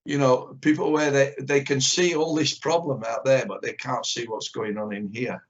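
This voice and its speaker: In a candid video call interview with dull, lo-fi sound, an older karate teacher speaks bluntly and holds strong opinions, acting out little exchanges. His mid-range voice keeps a fairly even intonation at a normal speed.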